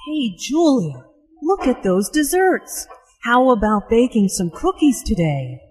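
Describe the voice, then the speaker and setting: A woman's voice: a little high, big pitch swings, slow pace, darkish tone, slightly rough, long reverb tail, exaggerated voice. A woman voicing a cheerful young woman shopping with a friend, in a scripted dialogue. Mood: friendly.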